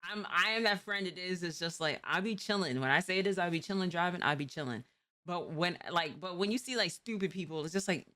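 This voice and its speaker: New York woman, stream host, slangy rambling chat, lowish bright voice. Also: brisk. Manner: rambling, slangy, many restarts.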